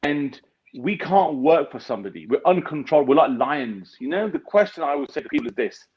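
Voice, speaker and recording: A man speaks in a husky, slightly breathy voice, pushing each point hard and cursing without a second thought. He sounds like a business founder fired up as a guest, and the dull lo-fi recording takes the top off his voice. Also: on the high side, animated, a little fast. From United Kingdom. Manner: emphatic, blunt, swears freely. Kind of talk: motivational interview talk.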